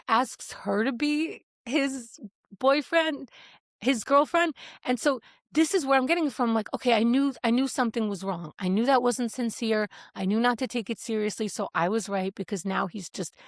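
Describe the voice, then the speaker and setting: A woman in her fifties talks to camera about her past, candid and wry, often pausing and hedging with fillers. Her fairly high voice has a gravelly fry running through it. The sound is dry and close, with no room echo. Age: 50s. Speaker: vlogger. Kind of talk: reflective personal storytelling.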